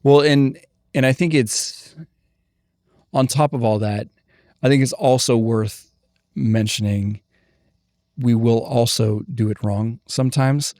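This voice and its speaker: Mellow-voiced man, supportive podcast host. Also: medium pitch, fairly even intonation, takes it slowly, long pauses, no echo, clean studio sound. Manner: supportive, agreeing often. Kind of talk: casual conversation.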